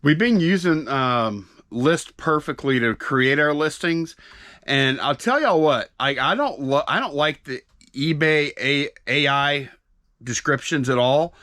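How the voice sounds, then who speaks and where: A man's voice: fairly high pitch, animated, a little slow, bright, forceful tone, no echo, studio quality. A man chatting casually and rambling while packing orders as co-host of a reselling channel. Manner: rambling, self-interrupting, folksy.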